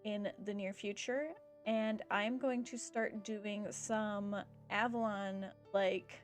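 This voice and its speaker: A woman's voice: mid-range voice, fairly even intonation, takes it slowly, soft background music. A woman streamer chatting casually as she signs off, rambling with fillers and a bout of hiccups. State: has the hiccups. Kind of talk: casual stream sign-off chat.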